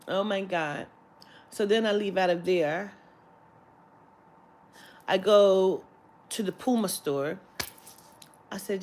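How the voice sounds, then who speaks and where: A woman's voice: medium pitch, takes it slowly, pauses often, a little hiss or hum. A woman vlogger telling a story in a casual, profane rant, now and then mimicking the people she met. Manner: profane, animated, mimics clerks' voices.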